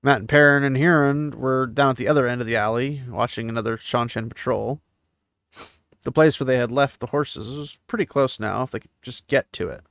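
Brisk and fairly bright in tone, a man with a mid-range voice hosts a casual chapter recap for a book series. He paraphrases the story, breaking in now and then with offhand asides, and there's no echo in the recording.

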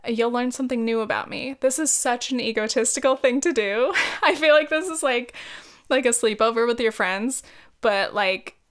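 A woman's voice: on the high side, a bit bright, smooth. A young woman hosting a casual solo podcast, chatting loosely with giggles, rambling asides and casual swearing. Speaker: podcast host. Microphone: podcast mic.

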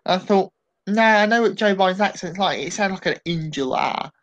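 A man with an animated, rambling delivery, giving his take on a political debate in a casual podcast discussion. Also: high voice, fast, highs cut off. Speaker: political commentator.

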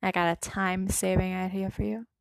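A harsh teenage bully boy with a gravelly, mocking bite to every word, put on by a woman reading a story aloud. His voice sits a bit low and pushes forward. The sound is close and dry. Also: flat delivery, brisk, no echo, close to an everyday voice.

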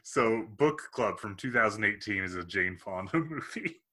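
A man's voice: lowish voice, lively intonation, normal speed, sharp tone. A man co-hosting a podcast, reading movie reviews aloud in casual chat and laughing often. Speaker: podcast co-host.

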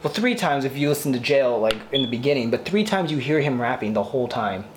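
A man of middle pitch rambles through a casual review, heartfelt and full of praise. A faint hiss of noise sits under his voice. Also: animated, fast. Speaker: podcast host.

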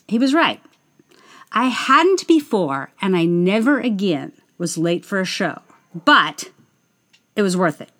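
A woman at a middle pitch tells a personal story in a casual, chatty way. She stops to correct herself mid-sentence. She slips into quick impressions of the people she quotes. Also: expressive, a bit bright. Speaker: stage performer telling a story.

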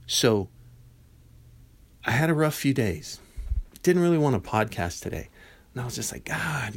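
A man in his fifties hosting a Christian devotional podcast, talking conversationally and acting out bits of dialogue with lively swings in voice. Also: mid-range voice. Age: 50s. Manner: animated, conversational, acts out dialogue in quotes. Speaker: podcast host.

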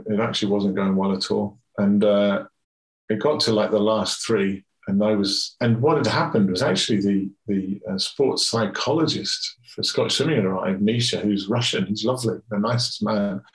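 A man's voice: lowish voice, normal speed. A middle-aged man, a swim coach and father, telling a candid story in a conversational interview. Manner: candid, animated, reflective storyteller. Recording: roomy echo.

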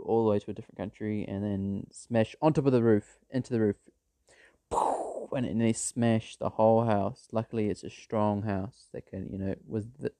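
A man's voice: on the low side, mellow, no room sound. A man telling a made-up story in a rambling, casual way, full of fillers and restarts. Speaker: vlogger.

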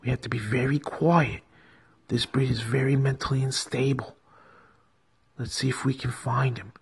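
A man voicing a hushed nature-documentary host who stalks a rare creature in mock-serious whispers. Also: mid-range voice, fairly even intonation, moderate pace, creaky, breathy edge. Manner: whispered wildlife-show narration, mock serious.

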